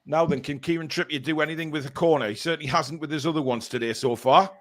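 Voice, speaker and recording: A man hosting a live fan watchalong, calling the match play by play and reading viewer messages, partisan and quick to outrage. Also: on the high side. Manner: excitable, shouts at big chances and bad calls; indignant, partisan.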